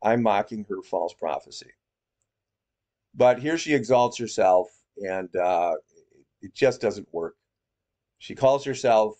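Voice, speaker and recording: A man's voice: lowish voice, slow pace, pauses often, a little mellow. A man hosting a commentary video, talking in a casual, sarcastic way. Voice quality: sarcastic, conversational.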